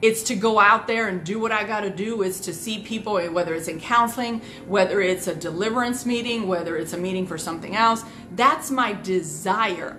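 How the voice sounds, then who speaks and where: A woman's voice: medium pitch, sharp tone, slight background noise. A woman pastor giving a sermon, talking directly and conversationally to her listeners and repeating phrases for emphasis. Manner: repetitive, conversational and emphatic, addressing the audience directly.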